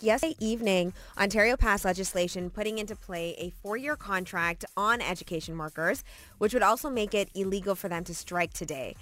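A woman presenting a radio news segment in a clear, measured way. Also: on the low side, fairly bright tone.

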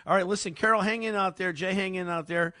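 A man hosting a call-in radio show, telling stories in an animated way and often repeating words as he talks. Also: sits high, quick pace, no echo. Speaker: radio talk show host. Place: radio studio. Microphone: studio microphone.

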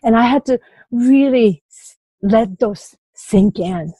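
A woman telling her personal story as a guest in an interview, in halting bursts with many restarts, asides and small laughs. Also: fairly high pitch, dark tone, slightly rough, dry recording, low-quality recording. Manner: halting retelling with frequent restarts, "you know" and light laughs.

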